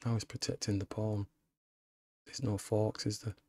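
A man's voice: lowish voice, flat delivery, normal speed, warm tone, dry recording. A man commenting casually on his own chess game, muttering frustrated remarks to himself. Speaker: chess streamer.

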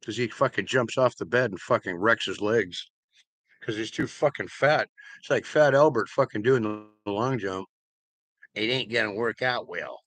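A man livestreaming from his room at home, talking loudly and with a lot of swearing as he greets his viewers by name. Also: lowish voice, normal speed, no room sound. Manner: loud, profane, greeting chat by name. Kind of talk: casual livestream chat with viewers.

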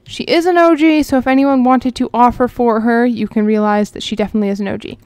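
A woman talks her viewers through a game in a loose, rambling way, often thinking out loud. Her voice sits a little high and sounds smooth and clear. The sound is close and dry, with no room echo. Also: fairly even intonation, quick pace. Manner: chatty, rambling, talks to viewers as she plays. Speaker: gaming channel host. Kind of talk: casual gameplay commentary.

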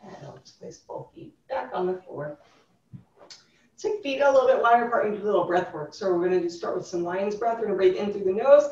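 A woman teaching a gentle chair yoga class, cueing breaths in a calm, instructive way. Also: medium pitch, fairly quick. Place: yoga studio room, recorded live. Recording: roomy, distant, dull live class recording.

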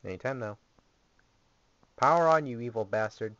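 A man's voice: mid-range voice, normal speed, fairly bright tone, no room sound, highs cut off. A young man giving a rambling, jokey, sarcastic tour of his small gaming closet, recorded on a camera mic. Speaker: vlogger. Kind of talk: casual home video tour.

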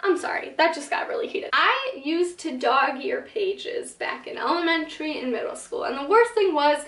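Gushing high-voiced young woman in an echoey room. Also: lively intonation, fairly bright tone, recorded from a distance, slight background noise. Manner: chatty and gushing, heavy use of "like", quick dramatic asides. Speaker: book vlogger. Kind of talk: casual talking-to-camera vlog. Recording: echoey room, slightly off mic.

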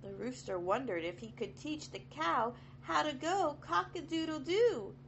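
A woman reading a children's picture book aloud in a slow, sing-song way, putting on playful animal voices. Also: a little high, sing-song, vocal fry, fairly bright tone, dull audio, slight background noise. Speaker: storybook reader.

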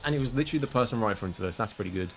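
A man's voice: lowish voice, lively intonation, rapid-fire, creaky, over music. Casual streamer man. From West Midlands, England. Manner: casual and self-deprecating, reading chat between bursts of game reactions. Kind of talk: live gameplay stream, chatting with viewers.

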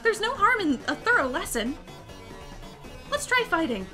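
A woman voicing a shy, gentle young male goat-like creature, reading his lines in a sweet, hesitant, encouraging way. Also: very high voice, very animated, moderate pace, faint music behind, heavily acted. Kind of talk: reading game dialogue aloud.

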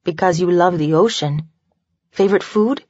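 A woman's voice: on the low side, moderate pace, darkish tone, dry recording, close to an everyday voice. A woman narrator voicing a playful, affectionate young woman in an audiobook, with a light teasing delivery. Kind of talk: audiobook dialogue. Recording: dull lo-fi dry recording.

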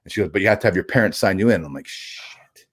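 A man with a deep, low-pitched voice speaks as a guest in an interview. He tells a personal story candidly and plainly. His speech halts and restarts often, with casual swearing mixed in. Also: very fast.

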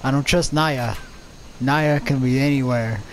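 A man giving jokey, excitable commentary while playing an online game, yelping and shouting at other players. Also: medium pitch, unhurried, slight background noise. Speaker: gamer. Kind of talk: gameplay commentary.

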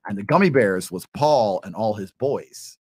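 A man telling a story as a podcast guest, swinging between low mutters and loud high bursts. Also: animated, moderate pace, husky, no room sound. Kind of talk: casual storytelling. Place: podcast studio. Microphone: studio mic.

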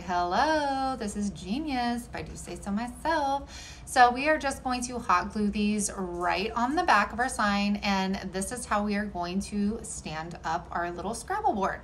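A woman's voice: mid-range voice, a bit bright, a little hiss or hum, poor audio. Chatty upbeat woman narrating a DIY tutorial. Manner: chatty and upbeat, says "y'all" often. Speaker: DIY home decor creator.

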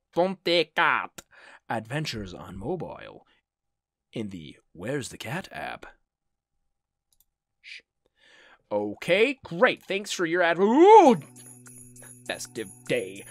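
A man hosting a gaming channel, giving excitable, goofy let's-play commentary full of exclamations and silly noises. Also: a little high, dry recording.

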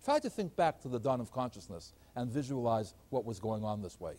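An older man, a math professor, giving an animated lecture in a storytelling teaching manner. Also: mid-range voice, brisk. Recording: older recording.

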